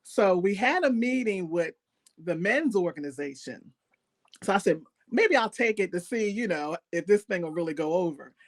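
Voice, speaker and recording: A woman chef as an interview guest, telling stories in a lively, animated way and laughing often. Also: lowish voice, normal speed. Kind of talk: casual interview storytelling.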